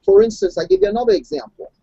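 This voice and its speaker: Racing through his stories, a health coach raised abroad keeps restarting as he talks in a casual online discussion. He has a very high, creaky voice. There's no echo, and the high frequencies are cut off.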